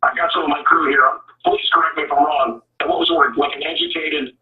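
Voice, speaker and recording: Animated stammering male talk radio guest, lively pitch, tinny phone line. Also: fast talker, reverberant, recorded from a distance. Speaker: radio host calling in as a guest. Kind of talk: heated talk radio rant.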